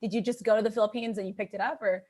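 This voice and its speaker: A woman co-hosting a livestream chat, excitable and quick to laugh. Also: mid-range voice. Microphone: video call.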